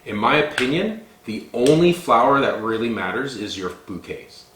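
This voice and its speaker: A man's voice: medium pitch, normal speed, a bit bright, echoey room. A man co-hosting a casual podcast, chatty and loose, full of "like" and "dude" fillers. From Canada. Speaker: podcast co-host.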